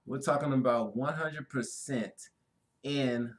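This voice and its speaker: A man co-hosting a casual spiritual talk, speaking in an easygoing, drawn-out way with frequent affirmations. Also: medium pitch. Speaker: co-host.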